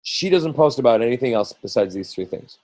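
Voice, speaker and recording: Rambling middle-aged man, dark dry voice. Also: mid-range voice, expressive, brisk, no room sound, low-quality recording. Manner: rambling, full of restarts and quoted asides. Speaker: team coach leading a group call. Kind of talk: casual coaching talk.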